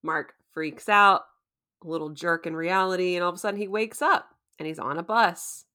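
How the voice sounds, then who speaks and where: A woman co-hosting a casual podcast, chatty and quick to laugh as she recaps a story. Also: on the low side, bright, forceful tone. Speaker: podcast co-host recapping a TV episode. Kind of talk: casual chat.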